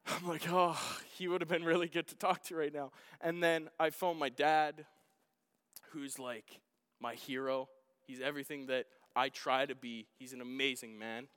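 A middle-aged man preaching a sermon as a pastor, telling a personal story with acted-out shouts. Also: a little high, normal speed, smooth. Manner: animated storytelling, acting out his own shouts. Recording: long hall reverb.

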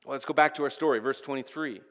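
A man's voice: medium pitch, fast talker, fairly bright tone, in a large hall. A pastor preaching a sermon, earnest, often repeating the first word of a phrase as he goes.

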